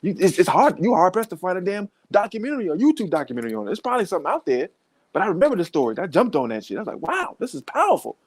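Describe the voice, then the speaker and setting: A man's voice: sits high, racing. Male podcast host, fired-up profane comedic rant. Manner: profane, heated, animated.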